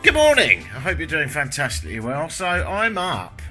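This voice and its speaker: In a hotel room with the windows closed, a British travel vlogger talks casually to camera after a sleepless night, jet-lagged, wry, self-deprecating and swearing freely. His voice sits on the high side and is sing-song at a moderate pace, with music playing underneath.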